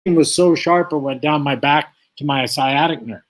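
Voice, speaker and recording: Fairly high-pitched and speaking at a normal speed, this man tells an extended boxing yarn as an interview guest. Having once boxed himself, he brings the story to life by acting out both sides of its conversations.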